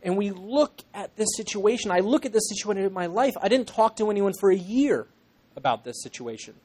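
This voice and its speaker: A man's voice: high voice, animated, fairly quick, darkish tone, breathy edge. A young Irish man in his twenties, a pastor in training, preaching a sermon to a congregation in an earnest, emphatic way with self-deprecating asides.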